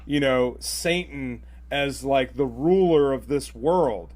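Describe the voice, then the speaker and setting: A man's voice: medium pitch, slow pace, darkish tone. A man appearing as a guest on a podcast, talking in a rambling way with lots of "you know" and "right?". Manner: rambling, filler-heavy with tag questions. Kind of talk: casual podcast chat.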